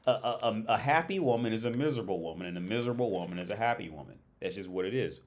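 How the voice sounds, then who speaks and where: A man's voice: fairly low pitch, animated, very fast. A young man hosting a livestream, rambling through a casual, profane monologue full of restarts and repetition. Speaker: livestream host.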